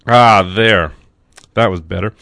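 A man's voice: on the low side, vocal fry. A male radio host, sick and coughing now and then, chatting casually and rambling with dry jokes between songs.

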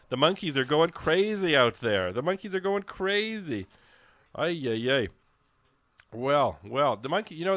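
A man hosting a live radio fundraiser, chatting in an excitable, rambling, jokey way from a studio. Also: mid-range voice, dry recording. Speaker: radio host. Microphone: studio microphone.

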